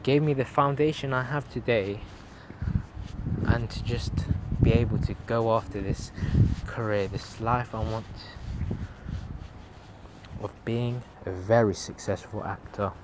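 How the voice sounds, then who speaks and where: A man's voice: medium pitch, unhurried. A young man in his late teens hosting a solo motivational podcast from home at night, talking in an earnest, rambling and encouraging way. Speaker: podcast host. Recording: steady background noise.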